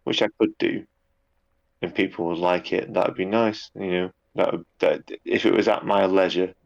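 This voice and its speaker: Deep gravelly guy rambling through an interview, dull lo-fi sound. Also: moderate pace. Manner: relaxed, rambling with repeats and fillers. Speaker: guest, YouTube narrator. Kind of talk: casual interview chat.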